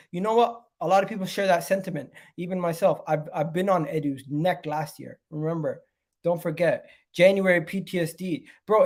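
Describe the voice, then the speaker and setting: A man hosting a live fan stream, ranting in frustration and repeating his phrases again and again, swinging from loud outbursts to low muttering. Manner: exasperated, repeats phrases over and over. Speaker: fan channel host.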